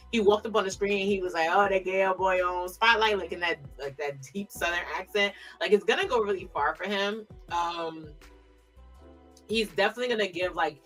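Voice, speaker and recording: Chatty low-voiced woman podcaster. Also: a bit bright, distant mic. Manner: chatty, emphatic, slangy asides. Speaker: podcast co-host. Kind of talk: casual wrestling recap chat.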